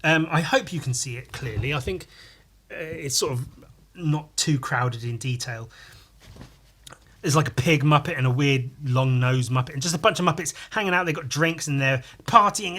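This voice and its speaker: A man hosts his podcast while drawing, chatting casually as he works. His voice is bright and clear, and he wanders between muttered asides and crude, jokey remarks. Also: on the high side. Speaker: podcast host drawing live.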